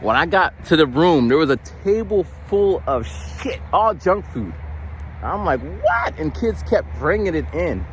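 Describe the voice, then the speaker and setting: A man vlogging outside in the cold, voice sitting a little high and swinging widely as he talks. His delivery is loose and rambling, full of animated storytelling and stumbling restarts. It is a relaxed, casual chat straight to his audience. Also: unhurried, slight background noise. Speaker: vlogger who works lunchroom duty at a school. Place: outdoors in cold weather, near a bridge.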